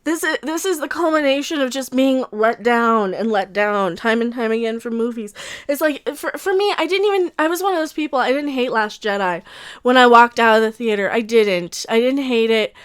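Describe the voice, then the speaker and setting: High clear-voiced woman ranting casually. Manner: rambling, restarts, laughs between points. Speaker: livestream reaction host. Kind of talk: casual emotional rant.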